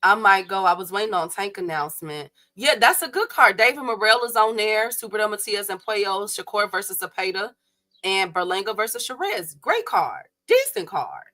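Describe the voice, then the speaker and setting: Young woman on a livestream ranting about boxing, blunt and slangy, bright voice. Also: mid-range voice, moderate pace. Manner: animated, talks straight to her chat viewers, blunt and slangy. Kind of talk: casual livestream rant.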